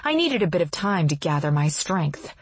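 A woman's voice: fairly low pitch, very animated, moderate pace, breathy edge, no room sound. A woman reading a novel aloud, voicing a tart young witch who mutters and strains through gritted teeth mid-fight. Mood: dry.

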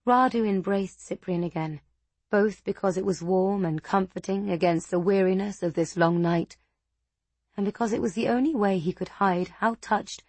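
A woman narrating a novel as an audiobook, measured and steady. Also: mid-range voice, breathy edge, no echo. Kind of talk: scripted narration.

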